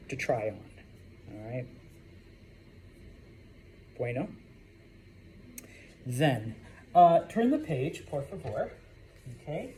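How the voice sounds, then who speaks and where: Casual male teacher with a mellow voice. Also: mid-range voice, a little hiss or hum, poor audio. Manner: casual, many fillers and checks of "okay?". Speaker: Spanish teacher. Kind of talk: classroom lecture. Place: classroom.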